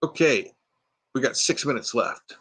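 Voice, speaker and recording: Gravelly older man hosting a live chat. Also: mid-range voice, animated, unhurried, fairly bright tone. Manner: playful, jumps into silly character voices. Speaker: livestream host. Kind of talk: casual live chat doing impressions.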